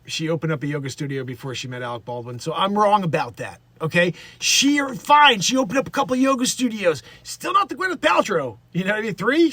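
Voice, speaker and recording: A man with a fairly high voice hosts comedy news, reading headlines and then veering off into mocking asides. He stammers, restarts and interrupts himself, and the sound is dry and close. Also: bright, forceful tone, no echo. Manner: rambling, self-interrupting, mocking. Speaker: comedy news show host.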